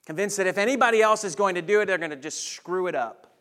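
A man delivers a sermon in a high, bright-toned voice. He preaches with lively energy, then drops to hushed, soft lines to make a point. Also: fast. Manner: animated preaching, dropping to soft near-whispers on key lines. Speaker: pastor.

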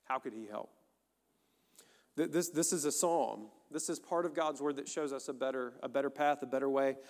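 A man's voice: mid-range voice, moderate pace, darkish tone. A man preaching a sermon, earnest and conversational, speaking directly to his listeners. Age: adult, married. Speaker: pastor. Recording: long reverb of a large hall.

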